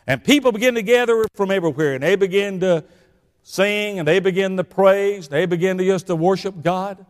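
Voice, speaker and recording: An older man with a Southern US accent preaching a sermon, telling folksy stories that swing between shouting and hushed asides. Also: high voice, a little fast, in a large hall.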